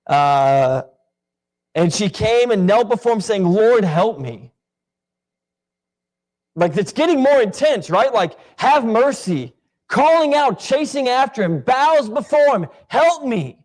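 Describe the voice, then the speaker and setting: A man's voice: high-pitched, darkish tone. A man teaching a Bible class in a casual, questioning way with many fillers, in a church classroom.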